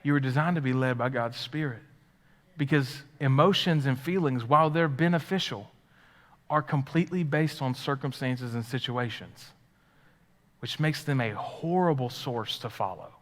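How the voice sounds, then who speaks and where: A man preaching a live sermon as pastor. His delivery swings from loud, excited stretches down to hushed, quiet ones. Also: mid-range voice, normal speed. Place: church sanctuary. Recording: live church hall with long reverb.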